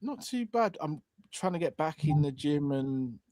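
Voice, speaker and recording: A man's voice: on the high side, lively intonation, measured pace, a little mellow, dry recording. A young man, co-hosting a football chat, slangy and laughing, then earnest about tactics. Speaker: co-host. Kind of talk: casual chat.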